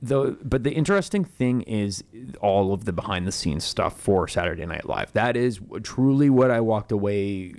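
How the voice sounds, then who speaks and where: A man with a fairly low voice talks through a film review in a loose, casual way. He circles his points, starting over and filling gaps with "uh" and "like" as he goes. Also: lively intonation, a little mellow. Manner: rambling, halting, with many fillers and restarts.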